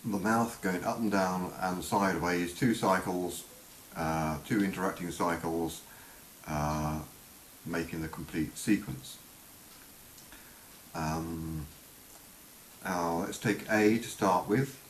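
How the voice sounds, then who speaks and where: A man giving an unscripted spoken lesson on vowel sounds, halting with many fillers and voicing each sound slowly. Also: deep voice, steady tone. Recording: roomy with faint hiss.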